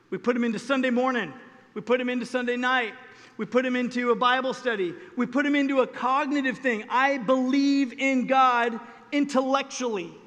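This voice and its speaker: High-voiced pastor preaching in a reverberant hall. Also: male voice. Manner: dramatic, acts out prayers and God's voice, swings loud and soft. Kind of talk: sermon.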